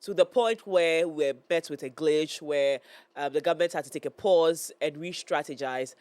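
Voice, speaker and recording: A woman's voice: low voice, moderate pace, darkish tone, no room sound. A woman hosting a morning talk show, her voice stuffy and nasal from a cold. She talks in a chatty, meandering way, full of "um"s and restarts, close to a studio mic in a dry, deadened room. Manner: chatty, hesitant with many fillers. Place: broadcast studio. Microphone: studio microphone.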